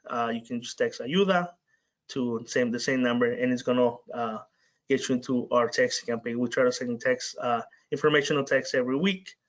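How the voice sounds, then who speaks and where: Halting man presenting on a muffled webinar. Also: medium pitch, a bit bright. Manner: halting, many filler sounds. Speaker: presenter for a community organization. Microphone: video call. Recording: muffled video-call audio.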